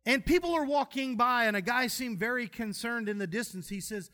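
A man delivers a sermon in a church. His voice sits high and bright. He jokes and tells homespun stories between verses. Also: a little fast. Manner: folksy, humorous storytelling preacher. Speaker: pastor.

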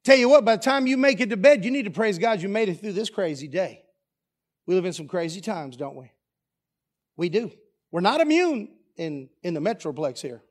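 A man's voice: sits high, expressive, moderate pace. A man preaching a sermon as pastor, pressing the congregation with emphatic rhetorical questions in a church. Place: church sanctuary.

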